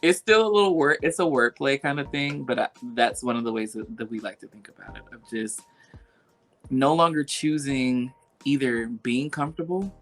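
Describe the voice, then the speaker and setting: A man hosting a podcast conversation, reflective and measured as he asks questions. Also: mid-range voice, lively intonation, a bit bright, faint music behind. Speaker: podcast host. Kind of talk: casual interview conversation.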